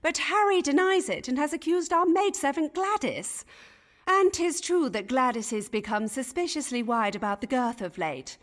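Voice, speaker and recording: A chattering Elizabethan gentlewoman, high-pitched and full of swooping inflection. She gossips in archaic with a huffy edge, and her voice has a long reverberant tail. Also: animated, normal speed. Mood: gossipy. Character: gossipy Elizabethan lady, flustered and indignant. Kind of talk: voiced game dialogue in Elizabethan English.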